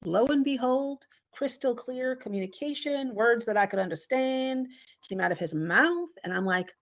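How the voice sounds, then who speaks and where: Animated woman telling stories, lo-fi audio. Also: a little high, normal speed. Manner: animated storyteller acting out dialogue. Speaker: guest, founder and CEO. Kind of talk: casual interview storytelling. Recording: dull lo-fi audio.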